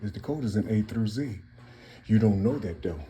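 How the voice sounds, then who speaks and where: A man's voice: on the low side, lively intonation, moderate pace, dark tone, a little hiss or hum. A man from Ohio giving a casual, repetitive monologue on hidden codes in words, talking straight to his listeners in a preachy way. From Cincinnati, Ohio, US. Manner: repetitive, circling back on phrases; preachy, addressing listeners directly. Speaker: channel host.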